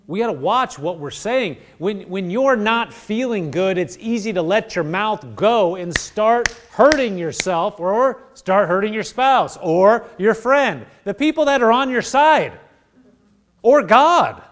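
A male pastor preaching a sermon in a conversational way, acting out little dialogues and dropping to hushed intensity. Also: high voice, a little slow. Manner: animated preaching, acts out voices of God and people.

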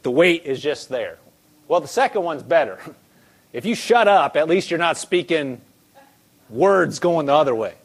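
A male pastor preaching with a high voice. He is emphatic and repeats key lines for his congregation to echo back, shifting between slow readings and quick asides. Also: animated. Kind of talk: sermon.

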